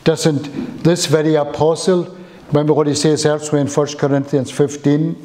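A man preaching a sermon in a church, slow and emphatic, with rising exclamations. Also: on the high side, flat delivery, dark tone.

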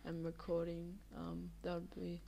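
A woman's voice: on the low side, completely flat delivery, a little slow, creaky, warm tone, a little hiss or hum. A tired young woman rambling casually over a game she is playing, drowsy, with many fillers. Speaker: Minecraft video maker. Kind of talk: casual gameplay commentary.

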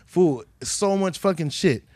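A man's voice: high-pitched, measured pace, husky, no echo. A man hosting a podcast, telling profane stories and acting out the people in them. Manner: profane, animated storytelling, acts out quoted people. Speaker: podcast host. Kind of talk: casual chat.

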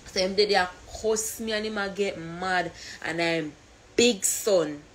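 A woman with a Jamaican accent telling an animated storytime rant, heavy on swearing and patois. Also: on the low side.

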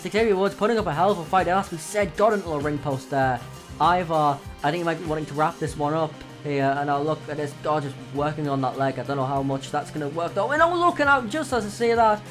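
A man, hoarse, calling wrestling matches from a video game in excited play-by-play, full of oaths and sudden exclamations. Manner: exclamatory, frequent oaths and gasps, swings loud and high. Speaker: play-by-play commentator for his own wrestling game.

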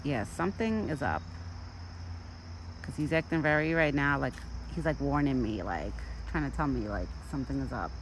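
A woman casually vlogging outdoors in a yard, rambling in a chatty way and cooing softly in a high voice to soothe her deer. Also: lively intonation, moderate pace, slight background noise, poor audio. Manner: rambling and chatty, full of "like" and "you know". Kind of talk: casual outdoor vlog chat. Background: crickets and outdoor nature sounds.

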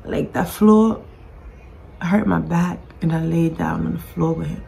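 A woman's voice: on the low side, unhurried, vocal fry, warm tone, slight background noise. A woman hosting her own podcast, speaking to camera in a blunt, emotional monologue, grieving and close to tears, swearing and repeating herself. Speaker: podcast host. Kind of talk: emotional personal vlog monologue. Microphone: talking to her own camera.

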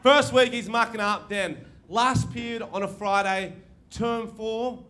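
Young Aussie stand-up, high-pitched and animated, crude delivery, noisy live room. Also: male voice, unhurried. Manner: crude, animated, acts out quoted voices. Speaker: stand-up comedian. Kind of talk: stand-up comedy storytelling. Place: live comedy venue with audience.

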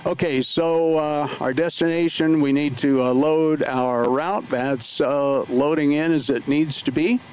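A man's voice: fairly high pitch, steady tone, unhurried, few pauses, darkish tone, a little hiss or hum, rough recording. A man livestreaming from his home flight sim setup, talking casually through each step with lots of filler words. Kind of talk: casual live play-by-play narration.

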